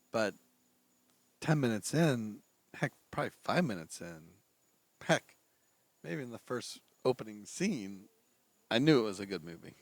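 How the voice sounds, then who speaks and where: A man from Florida co-hosting a casual podcast chat at night on a back porch, talking in a rambling, hesitant way and correcting himself. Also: on the low side. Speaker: podcast co-host.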